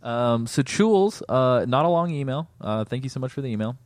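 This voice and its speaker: A man's voice: medium pitch, lively intonation, a little fast, no echo. Laid-back man on a dry mic. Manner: laid-back, many fillers, laughs easily. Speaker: podcast co-host. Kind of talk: casual podcast chat.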